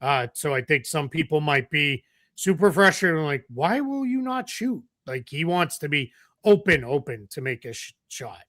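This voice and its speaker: A man's voice: fairly high pitch, moderate pace, bright, forceful tone, no echo, studio quality. A man co-hosting a live basketball show who talks loosely, with lots of fillers. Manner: loose, filler-heavy talk. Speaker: podcast co-host. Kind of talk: live basketball analysis chat.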